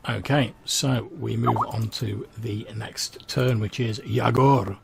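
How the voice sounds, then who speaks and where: A man narrating a tabletop role-playing session as game master, describing the action in a measured way. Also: on the low side, fairly even intonation, creaky, background noise.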